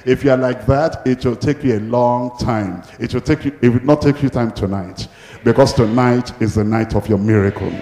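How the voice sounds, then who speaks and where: A man's voice: medium pitch, moderate pace, mellow. Man preaching emphatically in echoey hall. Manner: emphatic, retelling Bible stories with acted voices. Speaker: pastor. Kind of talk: sermon. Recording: echoey hall with long reverb.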